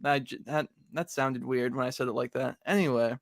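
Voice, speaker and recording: A young man co-hosting a casual comic review chat, animated and laughing often, trailing off into mumbles. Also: mid-range voice, normal speed, gravelly, dry recording, clean studio sound. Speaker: podcast co-host.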